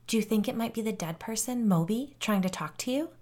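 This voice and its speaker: A woman narrator voicing a frightened mother who pleads anxiously in a higher, rising voice. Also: fairly quick, darkish tone, close to an everyday voice.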